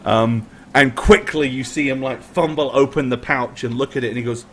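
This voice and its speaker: A man's voice: mid-range voice, steady tone, normal speed, hardly any pauses, fairly bright tone, slight background noise. A man running a tabletop game as game master, narrating playfully.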